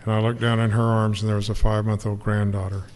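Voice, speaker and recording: A man's voice: on the low side, level tone, quick pace, darkish tone. An older man giving an earnest, emotional personal testimony about his recovery to an audience. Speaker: speaker sharing recovery story. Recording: long hall reverb, faint noise.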